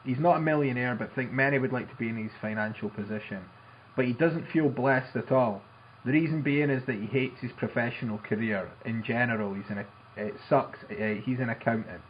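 Steady-voiced man on dull, faintly noisy audio. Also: medium pitch, a little fast. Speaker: podcast co-host. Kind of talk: casual podcast chat and reading listener mail.

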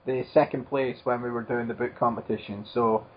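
A man's voice: mid-range voice, steady tone, fairly quick, highs cut off. A man hosting a casual podcast, briefly and matter-of-factly introducing a listener question.

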